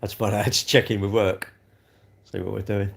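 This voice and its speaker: A man's voice: on the low side, flat delivery, fast talker, vocal fry. Chatty South East London man rambling. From England. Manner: rambling, chatty, full of tag questions. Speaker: livestream host. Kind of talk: casual live-stream chat.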